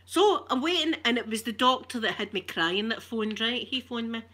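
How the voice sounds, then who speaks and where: A woman's voice: fairly high pitch, expressive, normal speed, bright, forceful tone. A Scottish woman chatting on an ASMR live stream, ranting with animation and swearing freely. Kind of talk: casual live-stream chat.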